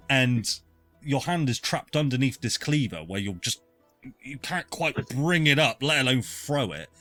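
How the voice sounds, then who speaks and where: A man's voice: mid-range voice, fairly bright tone. A man narrating a live tabletop game as dungeon master, playful, with many fillers and mouth sound effects.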